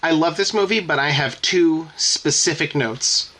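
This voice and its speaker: A man's voice: a little high, measured pace, sharp tone, a little hiss or hum. Rambling male podcast co-host. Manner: rambling, self-interrupting, laughing. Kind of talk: casual chat.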